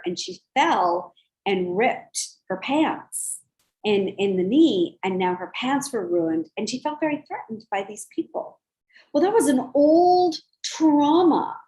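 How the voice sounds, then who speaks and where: Woman minister giving a sunday sermon, high voice, takes her time, acts out the quotes in her stories. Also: rough recording. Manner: animated storytelling with quoted dialogue. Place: church service.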